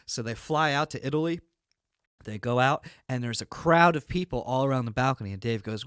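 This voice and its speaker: A man co-hosting a podcast, telling a long joke in an animated, playful way. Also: medium pitch, brisk, smooth, no echo, clean studio sound. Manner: animated storyteller who acts out the characters. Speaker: podcast co-host. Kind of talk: casual chat and joke telling.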